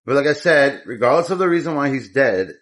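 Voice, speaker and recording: A man's voice: mid-range voice, animated, brisk, fairly bright tone. A man giving an angry, profane political rant as a commentator, rambling with many restarts.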